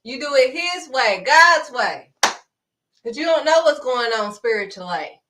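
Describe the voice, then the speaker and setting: A woman preaching in a livestream sermon, animated and calling listeners honey. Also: sits high, measured pace, background noise.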